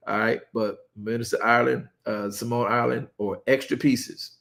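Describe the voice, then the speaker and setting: Animated preacher, livestream sermon. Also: male voice, mid-range voice, moderate pace, gravelly. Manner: animated, repeats words, playful asides. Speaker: pastor leading online Sabbath study. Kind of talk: lively sermon and livestream chat.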